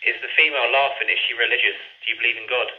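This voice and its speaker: A man, a paranormal investigator, calling out measured, polite questions to spirits and repeating his requests. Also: medium pitch, fairly even intonation, dull audio.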